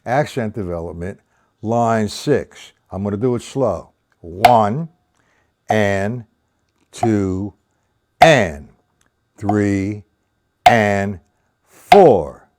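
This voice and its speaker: A man's voice: medium pitch, a little mellow. Older male drum teacher, opinionated, rambling, counts time aloud. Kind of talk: live-streamed drum lesson.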